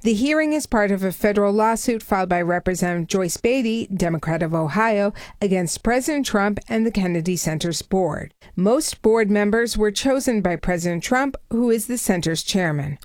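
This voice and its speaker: A woman's voice: mid-range voice, normal speed, few pauses, dry recording, studio quality. Woman correspondent with a precise read. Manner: even, precise reporting. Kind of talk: scripted news report.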